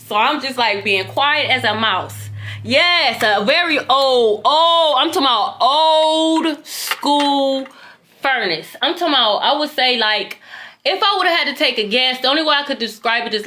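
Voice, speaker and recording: Woman, casual storytelling, animated, talks to viewers, swears, bright tense voice. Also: sits high, measured pace. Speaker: tarot reader recounting a dream.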